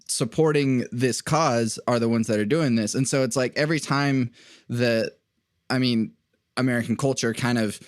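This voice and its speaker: A man's voice: medium pitch, no room sound, clean studio sound. A man who is a guest on a podcast, speaking reflectively in casual conversation, often restarting his sentences. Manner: reflective, halting with many restarts.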